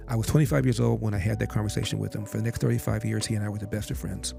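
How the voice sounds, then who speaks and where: Older man telling a story, gravelly voice. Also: fairly low pitch, steady tone. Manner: deliberate, quotes his father in direct speech. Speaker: podcast guest. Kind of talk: storytelling in an interview. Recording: music bed behind the voice.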